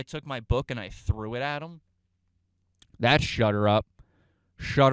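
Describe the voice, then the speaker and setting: Male comic storyteller, smooth clear voice, dry close sound, swings from loud rants to hushed asides. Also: mid-range voice, a little slow, pauses often, dry recording. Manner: animated, swings between loud outbursts and quiet asides; profane, self-interrupting, acts out the dialogue. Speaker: comedian telling a story. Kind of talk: comedic storytelling.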